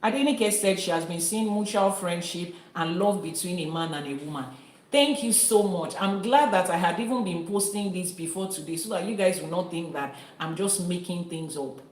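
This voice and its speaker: A woman's voice: lowish voice, normal speed. Woman, from Nigeria, live-stream teacher, emphatic, talks straight to viewers, echoey room. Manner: earnest, emphatic, addresses viewers directly. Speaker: Ifa priestess hosting a live stream.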